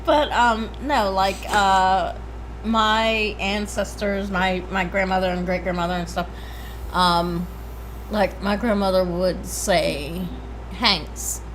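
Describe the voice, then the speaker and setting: A woman co-host in casual chat, giggly and quick to disagree. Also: medium pitch, fairly even intonation, slight background noise.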